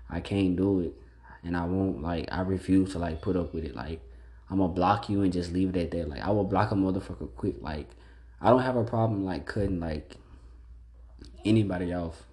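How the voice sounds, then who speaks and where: A man's voice: deep voice, dark tone. A man hosting a casual solo podcast monologue, blunt and profane, filling every phrase with "like.". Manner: blunt, profane, repeats "like" constantly. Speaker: podcast host.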